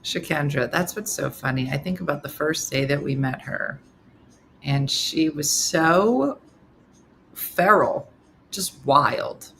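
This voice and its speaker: A middle-aged woman with a deep, creaky voice hosts a relaxed live morning show, speaking slowly as she reads viewer comments and chats. She tells stories animatedly, acting out the quotes and the people in them, over a faint hiss or hum.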